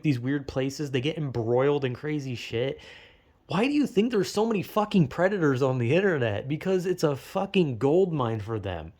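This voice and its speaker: A young man delivering a loose, unscripted commentary, full of swearing and restarts. His voice sits a little higher than most men's, and he rambles between points with a casual, offhand manner. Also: a little mellow. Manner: profane, rambling, self-interrupting with laughs. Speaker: video essayist.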